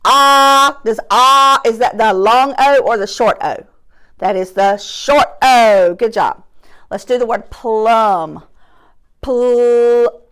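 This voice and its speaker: A woman teaching a phonics lesson to young children, stretching out sounds and words slowly and clearly while seated at her desk. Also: on the high side, fairly bright tone. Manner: slow, drawn-out sounds, emphatic. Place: classroom or home desk, seated in chair.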